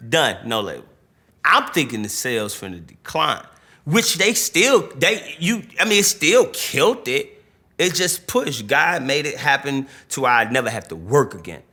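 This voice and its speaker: A man tells stories from his career in a loose, slangy way, acting out the dialogue. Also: medium pitch. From St. Louis, USA. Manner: animated, slangy, acts out dialogue. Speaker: rapper interviewee. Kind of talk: storytelling interview.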